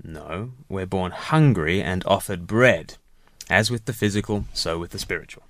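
A man co-hosting a podcast, chatting casually and answering challenges with quick, witty one-line retorts. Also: sits low, lively intonation, no room sound. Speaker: podcast co-host.

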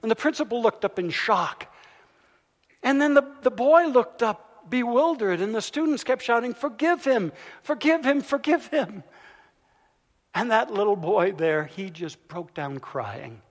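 A man giving a sermon, telling a story as he swings from loud, emphatic peaks down to soft, hushed lines. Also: high-pitched, lively intonation, moderate pace. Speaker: pastor. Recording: long hall reverb.

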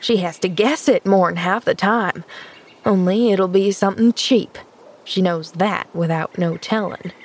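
A woman's voice: medium pitch, a little slow, natural voice. A woman doing a flustered country housemaid. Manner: homespun, exclaiming, gossipy. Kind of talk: audiobook character reading.

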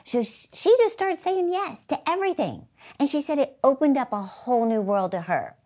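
A woman's voice: sits high, lively intonation, moderate pace, mellow. A woman hosting her channel, giving an upbeat, emphatic faith-based motivational talk and asking the viewer rhetorical questions. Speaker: inspirational speaker and channel host.

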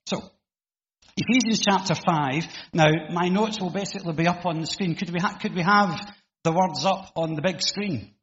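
A man's voice: high voice, moderate pace, noisy background. A middle-aged man giving an informal sermon in church, chatty and self-deprecating, with frequent ums and restarts. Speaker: preacher. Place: church hall. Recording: echoey hall, slightly dull sound.

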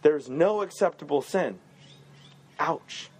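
A man with a high, light voice preaches in a relaxed, conversational way. He jokes through everyday stories and keeps checking in with the room with a quick "right?". He sounds like a pastor chatting with his congregation. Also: breathy edge. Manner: chatty and joking, with quick asides and rhetorical 'right?'. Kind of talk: casual conversational sermon.

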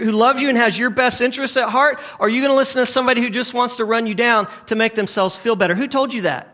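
A man preaching a sermon as a pastor. He asks emphatic, repeated rhetorical questions and swings from loud to hushed. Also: very high voice.

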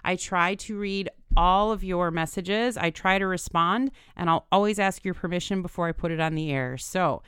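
A woman's voice: on the low side, moderate pace, hardly any pauses, a bit bright, clean tone, no echo, clean studio sound. A woman hosting a motivational podcast, speaking earnestly and encouragingly straight to her listeners. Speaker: podcast host.

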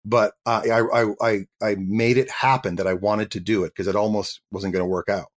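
A middle-aged Canadian man, a guest actor telling a lively anecdote in an interview and acting out the voices of the people in it. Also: lowish voice, normal speed. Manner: animated storyteller acting out quoted voices.

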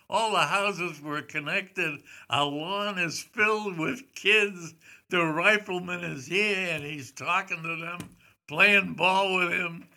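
An older man casually telling a long anecdote, rambling and pausing on frequent "uh" fillers as he goes. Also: fairly high pitch, bright, forceful tone. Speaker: storyteller recalling a celebrity visit.

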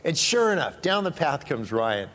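A man giving a sermon as pastor, telling a story in an animated, playful way and acting out the quotes. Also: fairly high pitch, moderate pace. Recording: long reverb of a large hall.

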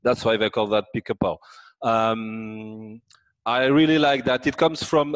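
A man with a French accent and a deep voice, chatting as a guest in a halting way, with many pauses and restarts. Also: steady tone, clean tone, dry recording, poor audio. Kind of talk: casual chat.

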